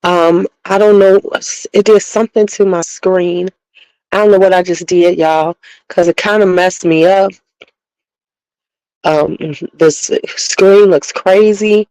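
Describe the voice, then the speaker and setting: A woman's voice: lowish voice, fairly even intonation, slow pace, darkish tone, smooth, no room sound, rough recording. Chatty woman beauty livestreamer, dry sound. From Chicago. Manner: chatty, rambling, candid, greets viewers by name. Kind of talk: casual livestream chat.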